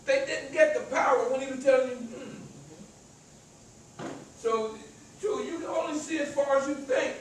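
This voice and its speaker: Stammering country-accented man, high voice. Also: a little fast, few pauses, slight background noise. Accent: rural American country accent. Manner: stutters and stammers, repeats words, preachy. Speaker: motivational speaker. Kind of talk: motivational talk to a live audience. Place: echoey event room with an audience. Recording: very echoey room, voice far from mic.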